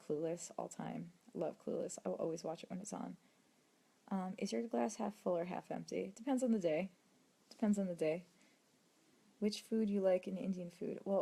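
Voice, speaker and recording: A woman's voice: lowish voice, vocal fry, mellow. A young woman chatting casually on a late-night livestream, reading fan questions aloud and rambling through her answers. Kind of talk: casual chat.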